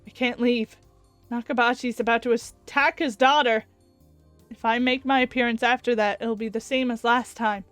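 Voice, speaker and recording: A woman's voice: a little high, fairly even intonation, moderate pace, fairly bright tone, no room sound, faint music behind, close to an everyday voice. A woman reading aloud as an anxious young male scientist narrator in a visual novel, in a tense, brooding inner monologue. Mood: desperate.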